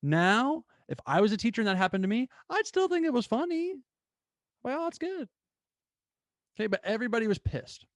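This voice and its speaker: A young man hosting his own show, telling a story in an animated, casual way with lots of fillers. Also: very high-pitched, moderate pace, dry recording, clean studio sound. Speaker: podcast host.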